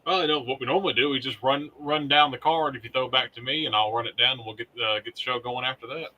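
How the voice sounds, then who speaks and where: A man hosting a wrestling show, giving a brisk, upbeat recap of old match cards and chatting with his co-host. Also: medium pitch, steady tone, sharp tone, dull audio. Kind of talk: scripted recap narration and casual chat.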